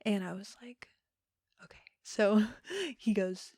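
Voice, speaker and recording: A young woman in her twenties telling a personal story in a casual interview, soft-spoken with many pauses and ums. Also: mid-range voice, husky, no room sound, studio quality. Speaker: podcast guest.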